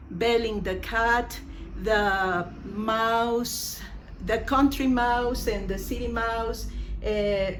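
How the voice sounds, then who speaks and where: A woman teaching an English lesson, repeating example phrases slowly for emphasis. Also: fairly high pitch.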